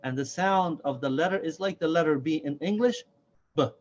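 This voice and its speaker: A man teaching a slow, careful alphabet lesson, patiently repeating each letter's name and sound. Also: a little high. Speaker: Quran reading teacher. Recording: dull, lo-fi sound.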